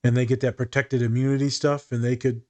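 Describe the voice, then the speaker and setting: A man's voice: mid-range voice, little pitch movement, fast. A man co-hosting a casual discussion, speaking bluntly and candidly, swearing freely and thinking aloud with fillers and restarts. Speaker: podcast co-host.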